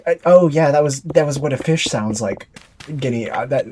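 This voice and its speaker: A man's voice: mid-range voice, normal speed, a little hiss or hum. A man streaming a survival game, giving chatty, playful live commentary with jokey exclamations. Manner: chatty, playful, self-mocking; excitable exclamations.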